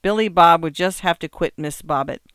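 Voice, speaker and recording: Man doing bossy little girl, prim, crisp scolding, smooth voice, dry sound. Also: a little high, normal speed, fairly bright tone, no echo, close to an everyday voice.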